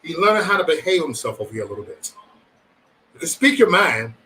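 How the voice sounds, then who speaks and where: A man's voice: a little high, a little fast, distant mic, rough recording. A man hosting a casual livestream, chatting loosely and profanely with his viewers. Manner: loose, profane, animated banter with chat. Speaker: livestream host.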